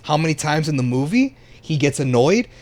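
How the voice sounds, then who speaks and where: A young man co-hosting a podcast, chatting casually in slangy, animated bursts of opinion. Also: fairly high pitch, brisk. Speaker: podcast co-host. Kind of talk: casual chat.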